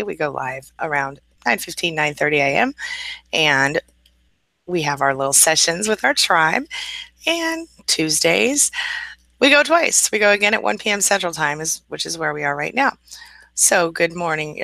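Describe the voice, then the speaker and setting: A woman's voice: lowish voice, gravelly, bright, forceful tone, no room sound. A middle-aged woman hosting a live-stream chat as a relationship coach, greeting viewers by name and reading comments aloud in a chatty way.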